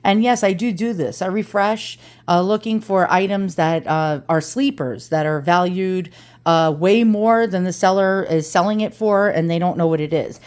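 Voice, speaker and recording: A woman's voice: fairly low pitch, normal speed, darkish tone. A woman with an East Coast American accent, talking in a chatty and dramatic way in a casual unboxing vlog, swearing freely. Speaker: antiques reseller vlogger.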